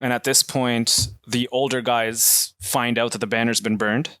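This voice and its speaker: A man's voice: medium pitch, flat delivery, measured pace, a bit bright, clear, resonant tone, no echo, clean studio sound. A man casually retelling a film's plot on a podcast, full of ums and acted-out quotes. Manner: retells scenes at length with many ums and quoted lines. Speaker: podcast host recapping a film. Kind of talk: casual film discussion.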